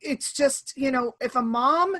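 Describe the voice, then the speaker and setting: A woman in her thirties hosting a casual chat over an online call, animated and laughing, often acting out quoted voices. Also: high-pitched, a little slow. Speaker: podcast host.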